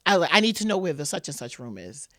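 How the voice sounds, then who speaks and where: A woman's voice: low-pitched, quick pace, dry recording, clean studio sound. A woman guest on a podcast, telling a personal story and acting out what people said, with plenty of "like" fillers. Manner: animated retelling, acting out quotes, many "like" fillers.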